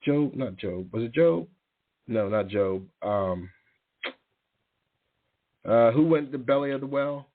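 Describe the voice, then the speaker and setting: Guy on a phone line rambling about faith, lots of restarts, acts out voices in his stories, mid-pitched voice. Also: takes it slowly, long pauses. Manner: animated storytelling, acting out quoted voices. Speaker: radio show host and youth coach. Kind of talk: casual spiritual talk radio.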